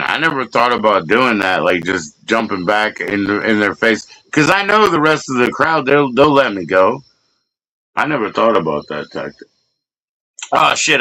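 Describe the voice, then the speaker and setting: Bright-voiced middle-aged man, rambling chat. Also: lowish voice, a little hiss or hum, low-quality recording. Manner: rambling, laughing, acts out quotes. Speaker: podcast host. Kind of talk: casual chat. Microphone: streaming call mic.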